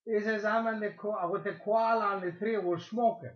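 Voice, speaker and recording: A man's voice: high voice, fairly even intonation. A man co-hosting a casual radio chat, telling long rambling jokes and stumbling over his words. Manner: rambling, halting joke-teller. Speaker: co-host. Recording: dull lo-fi recording.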